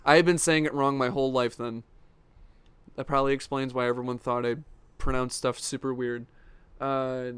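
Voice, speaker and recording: A young man casually commentating his own fighting-game livestream, chatty and excitable, talking to his chat and laughing often. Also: mid-range voice, normal speed, clear, resonant tone, dry recording. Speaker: gaming livestreamer. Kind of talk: casual live gameplay commentary.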